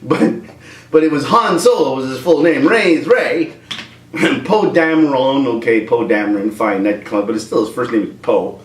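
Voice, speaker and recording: A man's voice: mid-range voice, normal speed, far from the mic. A man giving a joking, ranting movie review as the host of his own channel. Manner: animated, joking rant. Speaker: YouTube comedian and reviewer. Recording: roomy echo, off-mic.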